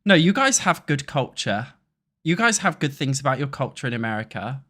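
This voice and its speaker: A man's voice: medium pitch, very animated, normal speed, sharp tone. A young British man from England chatting casually while playing a building game. He rambles and swears freely. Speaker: gaming YouTuber.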